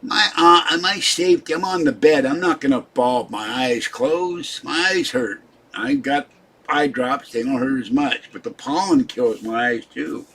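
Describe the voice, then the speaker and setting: Husky irritable older man. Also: mid-range voice, unhurried, pushed and bright. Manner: irritable, scolding viewers in the chat. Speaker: livestream host. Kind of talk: rambling live-stream chat.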